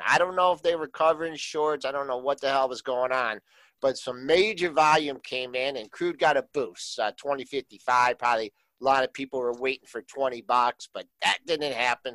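A man's voice: mid-range voice, sharp tone, no echo, rough recording. A man giving casual, rambling market commentary as co-host, full of fillers.

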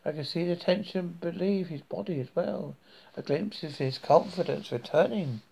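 A British man reading a horror story aloud in a slow, measured way, with occasional slips and restarts. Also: fairly high pitch, creaky, darkish tone, breathy edge.

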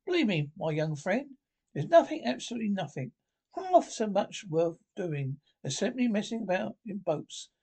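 Brief: man reading as an easygoing storybook water rat, lifted higher voice, eager exclamations. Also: very animated, normal speed, a little mellow, husky, full character voice. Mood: dreamy. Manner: eager, exclaiming, raised pitch. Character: cheerful, dreamy male water rat, easygoing.

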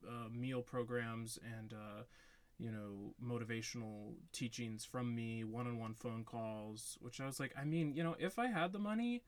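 A man's voice: medium pitch, normal speed, smooth. A young man co-hosting a podcast, casually telling a story and acting out quotes. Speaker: podcast co-host. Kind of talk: casual chat.

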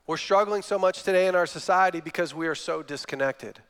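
A man's voice: high voice, brisk, a bit bright, smooth. A man in his thirties, a guest speaker giving a sermon, telling stories and acting out quotes. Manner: storytelling with acted-out quotes. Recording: long hall reverb.

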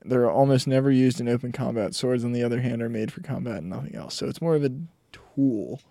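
A man's voice: medium pitch, fairly quick, gravelly, mellow, dry recording. Man, podcast co-host, casual chat, argues his case, dry close sound. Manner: argues and explains his points at length.

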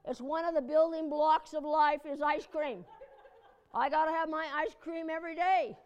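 A high-voiced woman pastor delivering a homey, conversational sermon. She spins personal anecdotes in a chatty, folksy way, laughing along and bursting into emphatic exclamations. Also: fairly even intonation, moderate pace, highs cut off.

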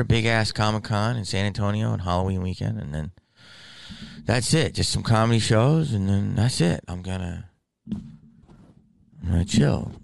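A man's voice: sits low, creaky, a little mellow, dry recording. A middle-aged man hosting a podcast, telling a rambling, profane story in a casual monologue. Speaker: podcast host.

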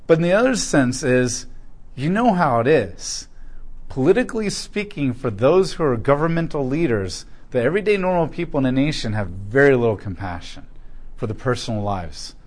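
A man's voice: medium pitch, expressive, moderate pace, darkish tone. A man teaching through a Bible passage verse by verse, reading aloud and adding blunt, conversational asides.

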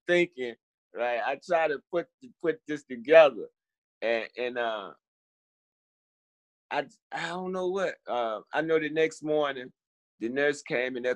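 A middle-aged man from Richmond, a podcast guest telling his story in a halting way, repeating words and acting out the people he quotes. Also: medium pitch, no echo. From Richmond, Virginia. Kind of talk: storytelling interview.

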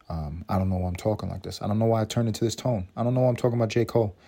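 A man's voice: on the low side, very fast, gravelly, hardly any pauses, warm tone. A man hosting a casual solo podcast, rambling and swearing freely, mocking himself and breaking into laughter. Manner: rambling, profane, self-mocking with bursts of laughter. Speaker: podcast host.

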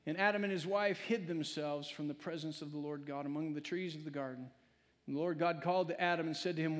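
A male pastor preaching a sermon, swinging between loud, emphatic lines and hushed, quiet ones. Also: on the high side, fast. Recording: long hall reverb.

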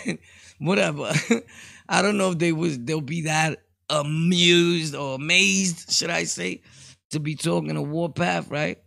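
Gravelly, rambling New podcaster. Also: male voice, fairly high pitch, measured pace, sharp tone, dry recording, clean studio sound. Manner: rambling, laughing asides, street slang. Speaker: podcast host. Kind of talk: casual solo podcast commentary.

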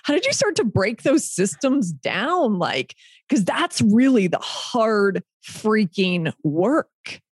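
Lively, breathy woman podcast host. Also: medium pitch, slow, no room sound, clean studio sound. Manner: chatty, emphatic, affirming. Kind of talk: casual interview chat.

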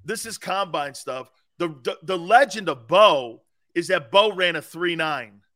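A man co-hosting a sports talk show, an ex-player telling excited stories and laughing through them in casual chat. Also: high-pitched, measured pace. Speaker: co-host, former football player. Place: podcast studio.

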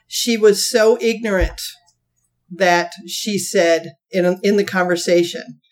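Woman guest, folksy storyteller, mid-pitched, laughs through her lines. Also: slow pace, a little mellow. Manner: laughs through her story, breaks into high voices for quotes; folksy churchgoing talk. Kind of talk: animated storytelling chat.

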